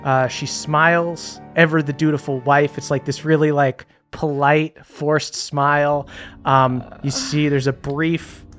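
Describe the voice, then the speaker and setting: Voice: mid-range voice, little pitch movement, unhurried, fairly bright tone, soft background music. Laid-back tabletop game master. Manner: casual, laughing, full of fillers.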